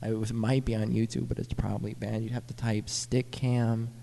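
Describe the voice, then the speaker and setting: A young man telling a rambling, profane story, excited and stumbling over his words. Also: medium pitch, fairly quick, creaky, big-room sound, a little hiss or hum. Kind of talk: casual profane anecdote.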